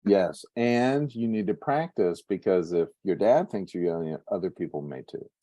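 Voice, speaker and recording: A man's voice: low-pitched, lively intonation, moderate pace, dark tone, dry recording. A man teaching a class on communication, talking casually with lots of "right?" checks. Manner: conversational, frequent "right?" tag questions. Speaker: instructor.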